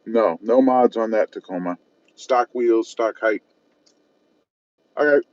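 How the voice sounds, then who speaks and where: Sitting in his parked car at a fast-food place, a South Texas car-channel host eats and reads his live chat out loud, casual and poking fun at himself. His voice sits on the low side, slow and a little mellow. There's no room sound, and the audio is lo-fi.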